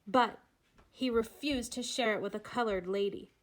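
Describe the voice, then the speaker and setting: A woman's voice: on the high side, normal speed, close to an everyday voice. A woman reading aloud and voicing a fierce young girl who speaks bluntly and furiously.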